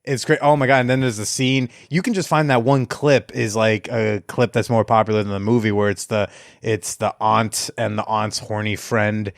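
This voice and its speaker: A man's voice: on the low side, fairly even intonation, normal speed, creaky, no room sound, studio quality. A man hosting a podcast, chatting casually and rambling through stories with laughs. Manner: rambling, laughs while retelling scenes. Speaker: podcast host. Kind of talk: casual chat.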